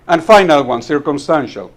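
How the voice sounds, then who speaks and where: A man with a fairly high voice tells funny stories at a club meeting. He acts out the lines of the people in his anecdotes and laughs at his own punchlines. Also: breathy edge. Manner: storyteller acting out dialogue, chuckling at his own jokes. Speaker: club member giving a talk. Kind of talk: humorous club speech telling anecdotes. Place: meeting room.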